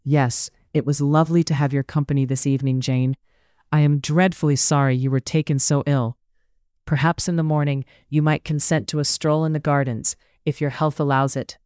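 A narrator reads a courteous young gentleman from a period storybook, polite and genial. The voice is smooth and clear. It sits close and dry, with no room sound. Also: mid-range voice, fairly even intonation, moderate pace, no room sound, lightly acted. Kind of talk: audiobook character reading.

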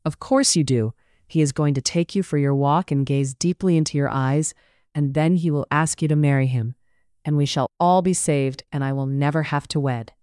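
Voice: medium pitch, normal speed, a little mellow, clean tone, dry recording, lightly acted. Narrator doing a witty young lady in an old-fashioned story, wry and teasing, dry close sound. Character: witty, spirited young gentlewoman. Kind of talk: audiobook character reading.

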